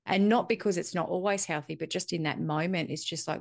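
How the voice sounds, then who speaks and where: A woman's voice: on the low side, steady tone, fairly quick, vocal fry, no echo, studio quality. A middle-aged woman, chatting candidly and reflectively, swearing casually and acting out bits of dialogue. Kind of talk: casual conversational chat.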